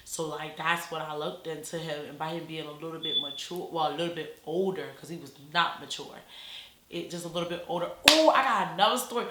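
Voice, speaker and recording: A young woman from Baltimore with a Baltimore accent, telling a rambling, animated storytime full of "like" and slang. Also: lowish voice, reverberant. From Baltimore, USA. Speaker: YouTuber. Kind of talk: casual storytime vlog.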